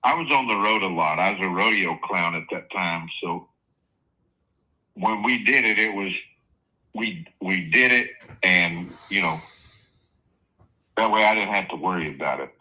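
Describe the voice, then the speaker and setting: A man's voice: low-pitched, measured pace, pauses often, sharp tone, low-quality recording. A man telling a blunt, profane story about selling his property. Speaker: property seller. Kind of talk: casual storytelling on a live call.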